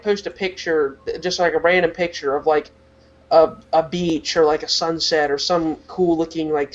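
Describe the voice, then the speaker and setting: A man's voice: a little high, highs cut off. A teenage boy co-hosting a podcast, talking in a rambling casual rant full of "like" fillers. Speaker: podcast co-host.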